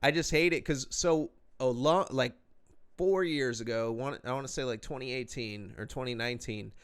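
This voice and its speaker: A young man telling a story on a podcast, swearing constantly and acting out every beat. His voice is smooth and clean, pitched in an ordinary middle range, and he talks in loose, rambling casual chat. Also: moderate pace. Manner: profane, animated storyteller. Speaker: podcast co-host.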